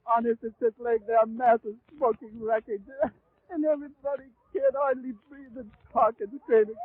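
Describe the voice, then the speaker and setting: A man's voice: very high voice, fairly even intonation, moderate pace, husky, no echo. A distraught, breathless man giving live eyewitness radio commentary, stammering, crying out and repeating himself. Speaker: radio announcer. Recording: tinny, dry 1930s radio recording.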